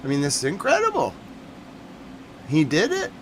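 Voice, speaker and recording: High-voiced man ranting on stream. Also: normal speed, slight background noise. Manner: excitable, ranting, swears and repeats himself. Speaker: streamer reacting to news. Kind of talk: live-stream news reaction.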